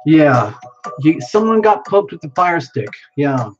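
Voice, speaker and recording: A fairly high-voiced man chats playfully with his viewers and laughs often as he hosts a live tarot stream. The sound is dull and lo-fi, with music playing clearly behind him. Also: sing-song, unhurried. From United States. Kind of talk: casual live-stream chat greeting viewers.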